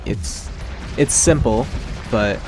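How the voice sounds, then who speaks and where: A man's voice: lowish voice, lively intonation, takes it slowly, music in the background. Man explaining a game, rambling casually. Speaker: gameplay commentator playing the game. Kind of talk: casual group chat.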